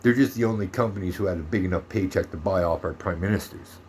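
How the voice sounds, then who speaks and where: Brief: lowish-voiced man from Canada, angry profane rant, soft background hum. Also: fast talker. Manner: profane, heated, sarcastic. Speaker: vlogger. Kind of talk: ranting monologue vlog.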